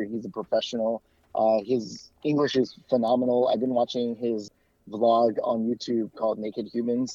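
A man's voice: on the low side, mellow, no echo, dull audio. A man from the United States, a soccer fan and podcast co-host, chatting as a guest with lots of restarts and fillers. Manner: chatty, talks in quick bursts with frequent restarts and fillers. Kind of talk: casual interview.

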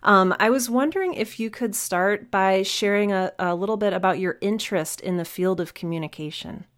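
A woman's voice: mid-range voice, moderate pace. A woman hosting an interview, eager and friendly, with some ums as she asks questions. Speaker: host.

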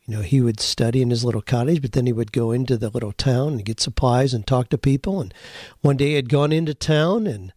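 With a medium-pitched, slightly mellow voice and a brisk pace, an older man answers listener questions on his advice podcast. He's earnest and folksy, encouraging people and telling stories along the way, captured in clean studio sound with no echo.

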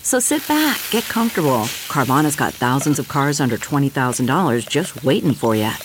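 A woman reading a scripted ad in a smooth, inviting way. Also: very deep voice, sing-song, a little fast, noisy background. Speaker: ad narrator. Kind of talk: scripted ad read.

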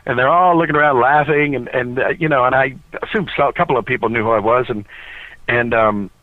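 A man who works as a voice actor, telling a casual anecdote as an interview guest. He talks in animated bursts full of restarts and "uh"s. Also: mid-range voice, a little fast, no echo. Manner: animated storyteller, lots of filler "uh"s and restarts. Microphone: cell phone recording. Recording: tinny phone-quality recording, dry.

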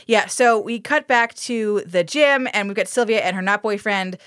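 A woman's voice: medium pitch, normal speed, dry recording. Woman podcaster ranting thru an old tv episode, lots of swearing, mid voice, dry close sound. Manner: sweary, animated storytelling with exasperated asides. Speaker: podcast co-host. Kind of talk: casual chat recapping a TV episode.

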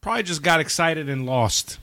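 Man, co-host, wry asides, slightly higher voice, casual banter. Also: expressive, a little fast, pushed and bright, dry recording. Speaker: podcast co-host.

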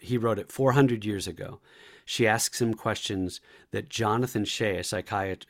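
Low-voiced man talking with passion. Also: gravelly. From United States. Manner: animated, quotes Shakespeare in heightened bursts. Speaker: guest, veteran and actor. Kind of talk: passionate interview talk.

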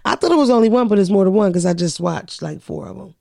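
Gravelly, blunt woman. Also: medium pitch, animated, fast, darkish tone. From Philadelphia. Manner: profane, blunt storyteller. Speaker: podcast co-host. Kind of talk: casual podcast chat.

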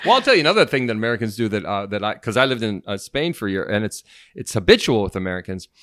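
Lively, bright man co-hosting advice chat. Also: lowish voice, dry recording, studio quality. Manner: agreeable, chimes in with quick affirmations. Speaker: advice podcast co-host.

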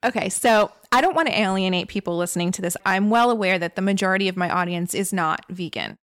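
A woman's voice: medium pitch, fast talker, fairly bright tone, no room sound, clean studio sound. A woman hosting a podcast interview, speaking in an encouraging, supportive way. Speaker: podcast host. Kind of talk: casual interview chat.

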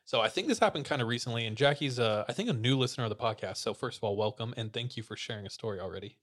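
A man hosting a podcast, casually retelling a listener's ghost story to his co-hosts in a relaxed, slangy way. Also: mid-range voice, racing. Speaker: podcast host.

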